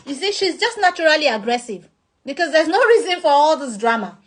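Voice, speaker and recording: A woman with a Nigerian English accent explains a topic in a casual, chatty vlog, acting out examples as she goes. Her voice sits high, with a brisk, sing-song delivery.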